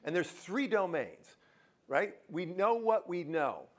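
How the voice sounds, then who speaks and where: High-voiced, lively male keynote speaker. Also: takes it slowly. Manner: lively, jokey, quizzes the crowd. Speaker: motivational speaker. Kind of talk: live keynote talk to an audience. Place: university auditorium.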